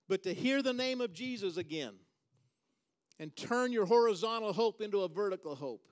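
A man preaching a sermon as pastor. He builds to loud, emphatic, repeated refrains and then drops to a soft, quiet voice for prayer. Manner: preaching with dramatic swings in pitch and volume.

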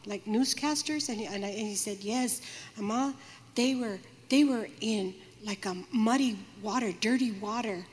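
An older woman sharing a testimony at a church service, halting with fillers. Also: medium pitch. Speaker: congregation member sharing a testimony. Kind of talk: spoken testimony. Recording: reverberant hall.

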